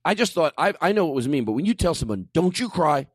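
A man's voice: on the high side, sing-song, fast, slightly rough, no room sound, studio quality. A man hosting a podcast, joking and rambling in casual banter. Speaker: podcast host.

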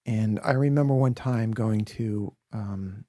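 A man from Brooklyn, a podcast guest, telling earnest, emotional stories in a reflective conversation, sometimes dropping to a soft whisper. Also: lowish voice, slow pace, dry recording, clean studio sound.

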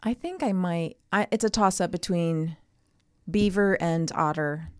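A woman's voice: fairly low pitch, unhurried, a little mellow, smooth, no echo, studio quality. A woman co-hosting a podcast, telling a story in casual chat with lots of asides. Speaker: podcast co-host.

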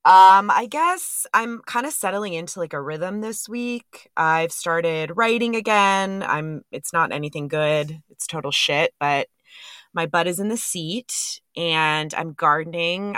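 Young woman podcast host, low voice, rambling self-deprecating chat, dry sound. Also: a bit bright, no room sound. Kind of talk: casual monologue and interview.

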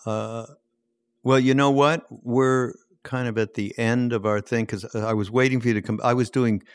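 A man's voice: mid-range voice, fairly even intonation, normal speed, clean tone, no room sound. A man hosting a podcast in casual interview chat, laid-back and playful, laughing often. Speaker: podcast host.

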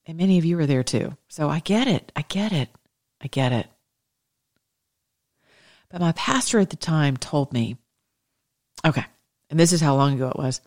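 A woman minister preaching with fervent testimony, swinging between loud declarations and hushed asides. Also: low-pitched, animated, moderate pace, long pauses. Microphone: studio microphone.

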